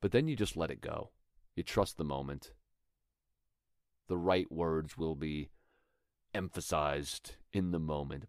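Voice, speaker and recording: A man's voice: deep voice, a little mellow, dry recording, clean studio sound. A man hosting an acting podcast, explaining script work in a thoughtful, conversational way and sometimes reading lines aloud to show them. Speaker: acting coach podcast host. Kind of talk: instructional talk.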